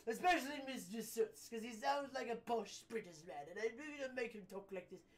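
A woman's voice: fairly high pitch, lively intonation, fairly quick. Playful, foul-mouthed woman streaming a game. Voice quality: profane, playful, loose. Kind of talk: casual gaming commentary.

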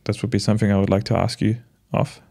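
Man, late twenties, low-ish voice, gentle, halting, reflective casual talk. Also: level tone, creaky. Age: late 20s. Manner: gentle, halting, many restarts and soft laughs. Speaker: vlogger.

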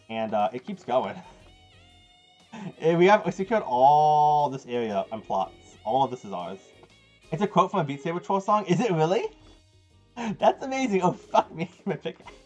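Excitable young man streaming games. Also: on the high side. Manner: rambling, excitable, laughs often, talks to chat. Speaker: game streamer. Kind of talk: casual live-stream chat. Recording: dull lo-fi stream audio with game music. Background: game music.

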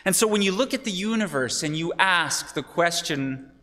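A man's voice: high-pitched, expressive, normal speed, bright, forceful tone. A man preaching a sermon to his congregation, teaching as he goes and putting questions to the listeners. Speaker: pastor. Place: church sanctuary. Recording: long church reverb.

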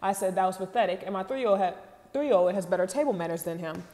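A woman's voice: mid-range voice, fast, warm tone, big-room sound. A woman hosting a casual show, reading online posts aloud and reacting with candid, slangy asides and laughs.

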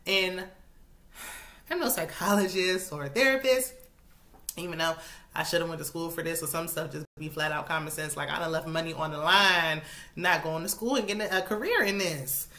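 A woman's voice: sits low, moderate pace, pushed and bright. A young woman hosting a casual reality show recap, chatty and opinionated, often laughing.

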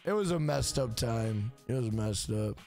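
A man's voice: mid-range voice, lively intonation, a little slow, darkish tone, soft background music. A man live-streaming a game, rambling through crude, profane stories and talking back to his chat by name. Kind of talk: casual chat while gaming on a live stream.

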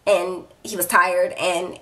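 A woman's voice: on the low side, takes it slowly. A young adult woman vlogger telling a story to camera in a casual, chatty way, talking straight to her viewers. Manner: animated, chatty storytelling, addressing viewers directly.

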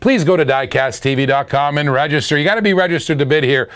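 A man's voice: on the high side, fast, fairly bright tone, clean tone. Chatty Canadian man calling auction bids. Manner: chatty, laughing, calls bids and reads viewer comments. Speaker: live auction host. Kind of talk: live auction stream chat.

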